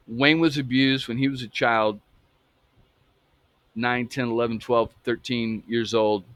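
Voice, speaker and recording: Man in his fifties from the US South, casual monologue, emphatic and swearing, mid pitch, dry sound. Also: a bit bright, dry recording. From Atlanta, US South. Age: 50s. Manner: emphatic, profane, keeps asking "okay?" and "folks". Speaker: true-crime channel host.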